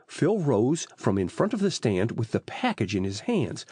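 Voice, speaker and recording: A man narrating an audiobook in a lively, expressive reading style on a close mic. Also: lowish voice, measured pace, few pauses, slightly rough, no echo. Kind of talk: storybook narration.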